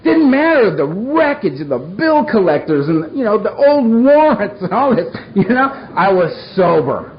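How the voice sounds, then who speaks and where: High-voiced man telling a recovery story. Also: very animated, dull audio. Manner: repetitive, playful, rapid-fire phrases; earnest, heartfelt. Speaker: recovery meeting speaker. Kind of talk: personal storytelling talk.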